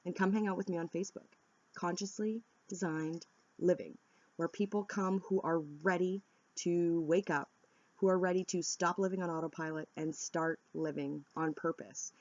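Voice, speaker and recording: A woman's voice: on the low side, steady tone, normal speed, a little mellow, no room sound, dull audio. A woman wellness vlogger giving earnest, candid self-help advice to viewers. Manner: earnest, coaching, direct and candid. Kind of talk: instructional self-help talk.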